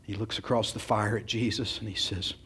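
Here the preacher has a fairly low, fairly bright voice with a breathy edge, and his intonation stays fairly even while he talks fairly quickly. Earnest and emphatic, he repeats words often and questions his congregation directly.

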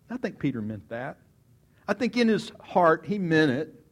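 A man preaching a sermon, retelling a story in an animated, dramatic way. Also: a little high, normal speed.

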